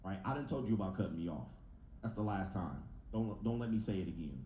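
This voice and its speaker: A man's voice: low voice, expressive, fast talker, warm tone, a little hiss or hum. A man delivering a brash, profane relationship advice rant in a clip being played back. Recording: echoey clip replayed in a reaction.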